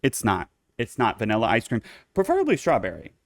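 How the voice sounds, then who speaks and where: A young man hosting a casual solo podcast, campy and playfully bossy, swearing freely and jumping into high squeals for jokes. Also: huge pitch swings, a little fast, no room sound, clean studio sound. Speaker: podcast host.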